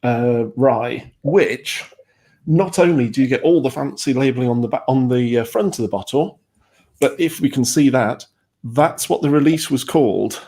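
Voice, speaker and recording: A man from England talking casually on a video call as a guest correspondent, relaxed and storytelling. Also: mid-range voice, moderate pace. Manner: relaxed, storytelling, self-deprecating. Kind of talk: casual webcast chat.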